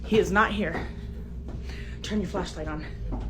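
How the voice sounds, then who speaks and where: A woman's voice: fairly low pitch, measured pace. Scared middle-aged woman, phone video indoors, urgent half-whispers, noisy background. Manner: frightened, urgent, drops to whispers. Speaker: homeowner filming her house. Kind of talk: handheld home video talking to viewers. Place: inside her house, stairs and bedrooms. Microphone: phone camera. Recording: home phone video with clear background noise.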